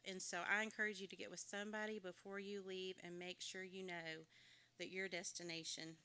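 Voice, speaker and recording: Woman, middle-aged, frank and chatty devotional speaker, clear tone. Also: on the low side, flat delivery, a little fast, sharp tone. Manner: candid, conversational, self-deprecating humor. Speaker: conference speaker. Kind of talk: devotional talk to a women's audience.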